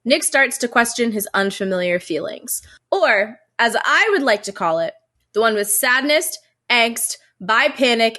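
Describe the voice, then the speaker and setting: A woman's voice: a little high, animated, a little slow, pushed and bright. Chatty woman podcaster with a head cold. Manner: chatty, laughs often, self-deprecating asides. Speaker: podcast co-host. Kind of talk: casual podcast chat.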